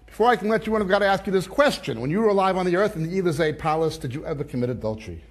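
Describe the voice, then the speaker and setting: A man voicing a brisk Saint Peter at heaven's gate in a told joke, asking questions in a matter-of-fact way. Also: high voice, expressive.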